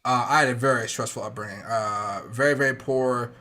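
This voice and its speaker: A man's voice: medium pitch, sharp tone. A young man hosting a trading livestream, talking casually in a rambling, chatty way while sick. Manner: fast rambling chatty, with fillers. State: sick, coughing.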